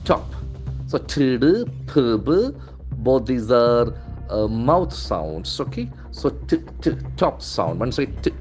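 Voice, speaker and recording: A male English trainer, not a native speaker, teaching pronunciation in a lesson, repeating words slowly and stressing their syllables. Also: mid-range voice, very animated, a little mellow, soft background music. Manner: stock phrases "okay, see", "very interesting".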